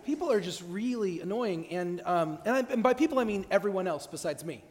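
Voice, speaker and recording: A pastor giving an evening sermon in a conversational way, acting out little scenes with quoted dialogue. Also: male voice, sits high, expressive, brisk, darkish tone. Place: church. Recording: echoey church hall.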